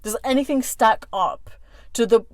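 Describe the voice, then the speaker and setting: A woman's voice: a little high, moderate pace, no echo. A woman YouTuber who rants with fury, swearing hard and stressing each word. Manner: furious, profane, emphatic. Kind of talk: angry rant vlog. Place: indoors, a warm room.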